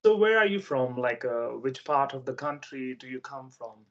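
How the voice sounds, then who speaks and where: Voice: medium pitch, expressive, normal speed, a bit bright, muffled recording. An adult English conversation interviewer asking a young learner questions in a casual chat, talking hesitantly with many fillers and patiently explaining ideas.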